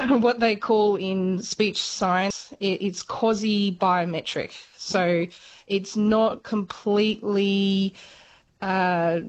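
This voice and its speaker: A woman's voice: medium pitch, muffled recording. A woman explaining speech science on a podcast, talking casually with many fillers and restarts.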